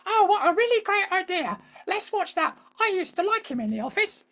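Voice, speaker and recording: A British man putting on a high, sing-song voice to mimic his overly agreeable wife. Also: sing-song, fairly quick, sharp tone, exaggerated voice. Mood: chirpy.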